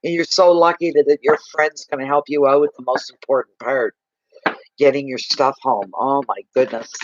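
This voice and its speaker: A man giving a live tarot card reading, gushing and emotional, slow and soothing. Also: mid-range voice, steady tone, no room sound, dull audio.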